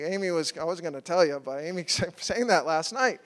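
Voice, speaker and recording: A man preaching in an animated storytelling style, acting out his own quotes with sudden loud and soft turns. His voice sits a little high for a man. It carries the long echo of a large hall. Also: brisk, hardly any pauses. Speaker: preacher sharing a testimony. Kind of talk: sermon testimony.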